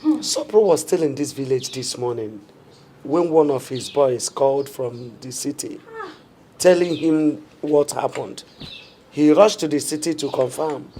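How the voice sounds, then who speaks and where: Middle-aged Nigerian mother, reproachful, animated pitch. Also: measured pace, slight background noise. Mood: worried. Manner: reproachful, pleading.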